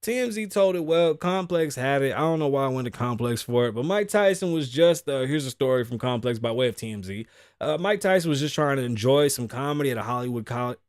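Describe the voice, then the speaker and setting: A man's voice: medium pitch, a little mellow, dry recording. Young male host, casual profane commentary over read-out news, dry and close. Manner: blunt, profane, riffs on stories with acted quotes. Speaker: podcast host. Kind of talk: casual commentary, reading news stories aloud.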